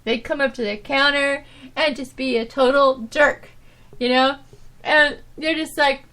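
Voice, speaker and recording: A woman hosting her own podcast, telling stories from her old job in a rambling, animated way, full of restarts and "you know"s. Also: sits high, a little slow. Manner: animated, swinging from loud to soft. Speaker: podcast host. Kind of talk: casual storytelling monologue.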